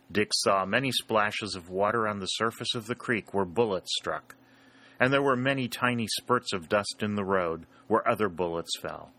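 A man reading an adventure story aloud as its narrator, in a steady, dramatic storytelling manner. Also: deep voice. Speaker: audiobook narrator. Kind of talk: scripted narration.

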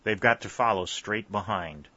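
A man voicing a steady army sergeant in an audiobook, sharp and commanding. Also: fairly low pitch, normal speed, breathy edge, dry recording. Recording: slightly dull, dry recording.

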